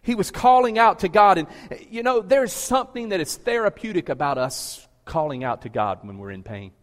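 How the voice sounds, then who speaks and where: A man preaching a sermon to a large congregation, asking rhetorical questions and swinging between low, quiet pleading and loud, emphatic preaching. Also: animated, normal speed, big-room sound. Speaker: pastor. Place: large church with a balcony.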